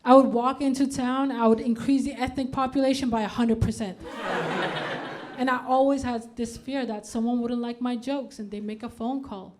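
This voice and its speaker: High-voiced woman doing stand-up. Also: normal speed, noisy background. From Denmark. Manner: deadpan setups, punchy acted-out quotes. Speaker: stand-up comedian. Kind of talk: stand-up comedy set. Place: comedy club stage. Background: audience laughter.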